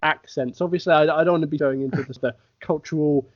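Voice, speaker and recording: A man's voice: a little high, fairly even intonation, fast, no echo. A man as a guest in a casual chat about tabletop games, telling stories with laughter and acting out what people said. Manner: storytelling, acts out quotes, laughs between lines. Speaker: podcast guest. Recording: dry, dull lo-fi recording.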